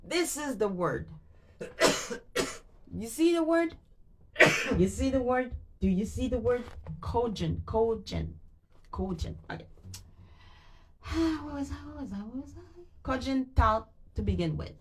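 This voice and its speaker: A tired woman with a French Canadian accent, a native French speaker, reading a book aloud on a live stream into a mic, animated and retrying hard words again and again. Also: high voice, measured pace, long pauses, slight background noise. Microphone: microphone.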